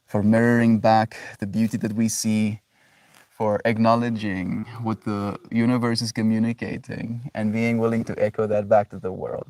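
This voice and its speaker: A man's voice: lowish voice, darkish tone, dry recording, far from the mic. A man on a casual livestream, musing about spirituality in a reflective, affectionate way, often checking in with "right?". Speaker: daily livestreamer.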